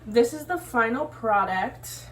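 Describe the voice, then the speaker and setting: A young woman, a youth ministry leader, chatting casually while cooking and telling an animated story. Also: a little high, a little slow, a little hiss or hum, low-quality recording.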